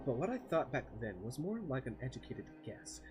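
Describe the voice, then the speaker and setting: A man voicing a calm, confident young detective who explains things step by step while reading a visual novel aloud. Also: faint music behind, close to an everyday voice. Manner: measured, low, explaining step by step.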